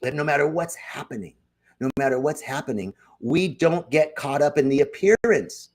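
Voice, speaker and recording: A man's voice: a little high, moderate pace. A man giving an inspirational spiritual talk on a live stream, telling stories and speaking straight to his viewers. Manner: lively storytelling, addresses viewers directly. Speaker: spiritual speaker at a wellness center.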